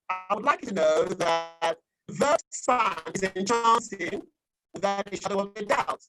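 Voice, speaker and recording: A woman giving a formal grammar and pronunciation report over a video call, speaking in a deliberate, pedantic, corrective way. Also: medium pitch, expressive, faint music behind, poor audio. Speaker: grammarian at a club meeting.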